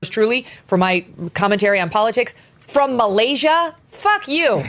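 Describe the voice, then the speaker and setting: A woman speaking on a political talk panel in an indignant, heated way. She swears bluntly when worked up. Her voice sits in a middle pitch. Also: lively intonation, normal speed, a bit bright.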